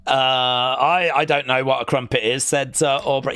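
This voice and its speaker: A man hosting a live watch-along stream, chatting casually, reading out viewer comments and calling the action with sudden excitement. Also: mid-range voice, normal speed, gravelly, smooth, no echo. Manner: excitable, chatty, reads chat aloud.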